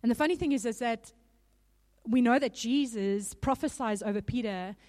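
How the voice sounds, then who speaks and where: A woman giving a sermon in a casual, animated storytelling manner. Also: a little high, normal speed. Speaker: speaker. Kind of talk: conversational sermon.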